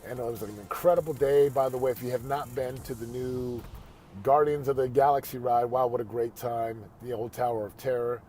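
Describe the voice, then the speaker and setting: A man's voice: medium pitch, fairly even intonation, brisk, darkish tone, soft background music. A man hosting a motivational podcast, telling a family story in an earnest, conversational way and turning it into a pep talk. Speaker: podcast host; father.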